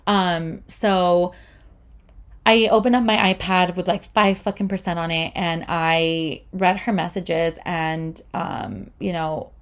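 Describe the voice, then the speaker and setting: Young woman ranting a storytime, lowish voice, lots of "like" and cussing. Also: takes it slowly. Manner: chatty, swears a lot, uses "like" often. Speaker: vlogger. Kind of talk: casual storytime monologue.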